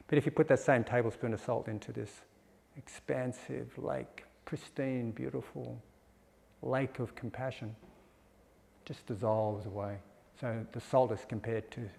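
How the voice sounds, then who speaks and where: Man with a gravelly voice giving a dharma talk. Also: medium pitch. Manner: gentle, explanatory, with soft laughs. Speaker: dharma teacher. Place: meditation centre hall. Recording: long hall reverb.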